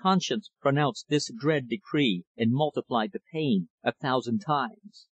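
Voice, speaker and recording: Husky male audiobook narrator. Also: medium pitch, dull audio. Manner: measured, steady storytelling. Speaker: audiobook reader. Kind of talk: scripted narration.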